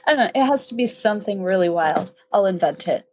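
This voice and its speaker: A woman's voice: mid-range voice, lively intonation, fast, poor audio. A young woman from upstate New York, a podcast guest chatting casually, rambling and laughing often.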